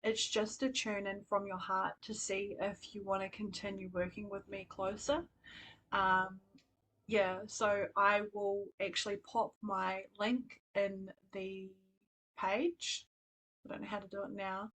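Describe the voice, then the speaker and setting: A woman's voice: medium pitch, little pitch movement, unhurried, a bit bright, poor audio. Earnest New woman coaching on a live stream. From New Zealand. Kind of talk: live-stream program pitch.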